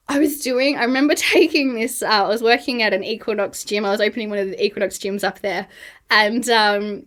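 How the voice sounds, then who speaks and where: Brief: Aussie woman guest, a bit high, quick chatty storyteller. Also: fairly bright tone. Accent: Australian. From Australia. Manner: fast-talking storyteller. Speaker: podcast guest. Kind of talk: casual interview chat.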